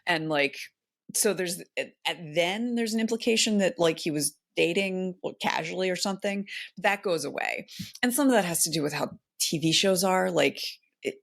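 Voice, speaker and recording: A woman's voice: on the low side, normal speed, gravelly. A woman co-hosting a podcast, talking through her thoughts in a loose, rambling way with many fillers and restarts. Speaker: podcast co-host. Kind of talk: casual chat.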